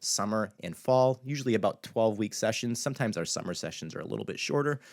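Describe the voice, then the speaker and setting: Guy w a lowish voice teaching a lesson, chatty, says words over n over slow. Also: expressive, creaky. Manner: repeats words slowly to demonstrate pronunciation; loose and conversational, with filler words. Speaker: language teacher. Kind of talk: casual video lesson.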